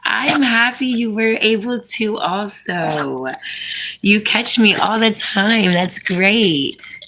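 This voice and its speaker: A woman's voice: mid-range voice, slow pace, bright, forceful tone, a little hiss or hum. A woman hosting a casual live stream, chatting with viewers, reading out their comments and coaxing her dog to sit.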